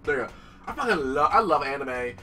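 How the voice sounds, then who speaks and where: A young man commentating his gameplay, excitable and profane, talking straight to the game and its characters. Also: mid-range voice, fairly quick, far from the mic. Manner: excitable, swears a lot, talks to the game and its characters. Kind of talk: let's play commentary.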